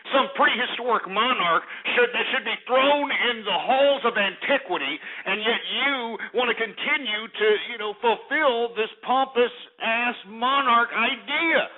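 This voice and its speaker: A man's voice: very high-pitched, unhurried, hardly any pauses. A man hosting a call-in radio show, ranting in a profane, mocking, bombastic way. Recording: tinny phone-line radio sound.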